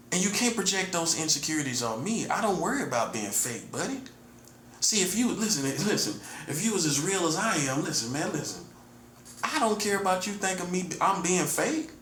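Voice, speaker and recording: Defiant man in his forties, bright voice. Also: sits high. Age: 40s. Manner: taunting and repetitive, keeps saying "listen, buddy"; defiant, chuckles between points. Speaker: self-styled prophet streamer. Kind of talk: combative solo monologue. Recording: roomy echo with faint room noise.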